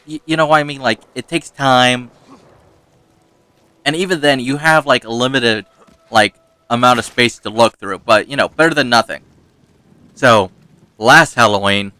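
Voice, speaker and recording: Bright-voiced man chatting over gameplay. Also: mid-range voice, clean tone, no echo. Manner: rambling storyteller who laughs and swears. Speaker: gaming YouTuber. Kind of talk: casual let's-play commentary.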